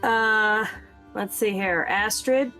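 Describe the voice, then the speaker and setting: Casual woman game master, quick recap. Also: mid-range voice, bright, forceful tone, soft background music. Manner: casual, quick, trails off with fillers. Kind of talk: recapping a tabletop game over voice chat.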